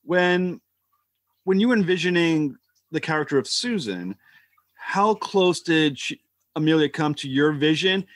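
A man's voice: fairly high pitch, unhurried, fairly bright tone, dry recording. A man hosting a podcast interview, easygoing and chatty, often restarting his sentences. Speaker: podcast host. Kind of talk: casual interview chat.

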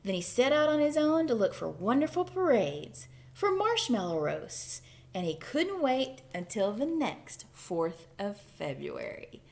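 A woman, a children's librarian, reading picture books aloud at a preschool story time, slow and expressive with playful asides. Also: fairly high pitch, vocal fry.

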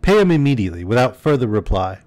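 A man voicing an old would-be knight who speaks in a grandly formal, declaiming way, raised above his usual pitch. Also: sing-song, fast, a little mellow, close to an everyday voice. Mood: angry. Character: proud, indignant old would-be knight, male.

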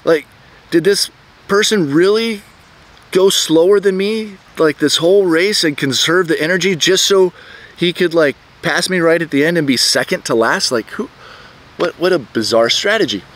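A middle-aged man casually telling a story about himself outdoors, rambling and halting with many restarts and fillers. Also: fairly high pitch, a bit bright. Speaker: vlogger telling a personal story. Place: outdoors, birds nearby.

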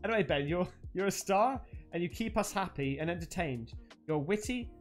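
A man opening fan mail on his channel, chatting in an excitable, exclamatory way and calling everyone mate. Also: high voice, moderate pace, soft background music. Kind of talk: casual unboxing chat.

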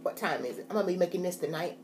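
A woman's voice: lowish voice, rapid-fire, a little mellow, slight background noise. A woman talking casually to her viewers while eating on camera, chatty and folksy, often saying "y'all". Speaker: food vlogger. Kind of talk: casual mukbang chat to camera.

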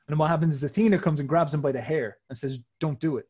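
A man's voice: on the high side, racing, darkish tone. A man talking casually and emphatically, explaining old myths in slangy, swearing speech.

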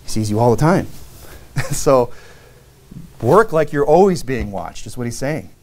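A man's voice: mid-range voice, animated, a little slow, a little mellow. A middle-aged man, a deacon, preaching a sermon in a loose, conversational way, telling stories from his old jobs and often asking "right?". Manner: conversational, anecdotal preaching with frequent "you know" and "right?". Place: church sanctuary.

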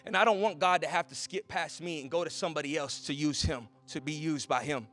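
High-voiced preaching man, soft music behind. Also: brisk. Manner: builds from quiet storytelling to loud preaching. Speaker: pastor. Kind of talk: sermon.

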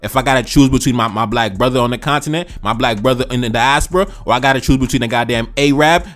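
A man with an American accent hosts a reaction video, giving fired-up commentary on viewer comments in passionate, slangy street speech and repeating phrases for emphasis. His medium-pitched, slightly bright voice moves quickly, with faint music behind.

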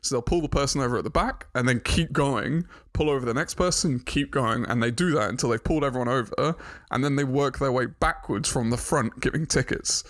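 A man's voice: mid-range voice, brisk, few pauses. A man co-hosting a podcast, explaining at length in a loose, rambling way during a casual chat. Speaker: podcast co-host.

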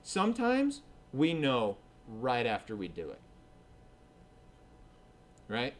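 A man preaching a sermon as pastor at a church service, earnest and swinging between emphatic and hushed delivery. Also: mid-range voice, huge pitch swings, slow, slight background noise.

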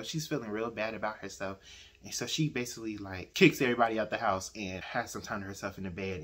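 Brief: husky-voiced man, opinionated book vlogger, retells the plot chattily. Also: mid-range voice, a bit bright. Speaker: book reviewer. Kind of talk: casual book discussion.

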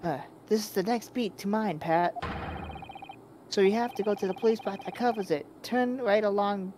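A woman voicing a grieving young male police constable in a fan dub of a game, confessing haltingly with stammers. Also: medium pitch, noisy background, lightly acted. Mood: remorseful.

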